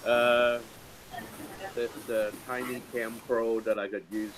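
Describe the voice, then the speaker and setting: A man chats slowly and hesitantly, filling gaps with "uh" and "um". A clear hiss runs under his voice throughout. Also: medium pitch, flat delivery, fairly bright tone, low-quality recording. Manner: hesitant, many fillers. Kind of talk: casual chat. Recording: hissy background noise.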